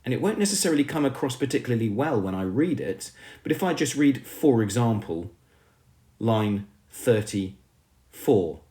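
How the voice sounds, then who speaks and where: A man's voice: mid-range voice, sing-song, normal speed, dark tone. A male teacher with an English accent giving an emphatic poetry lesson, often calling the class "everybody".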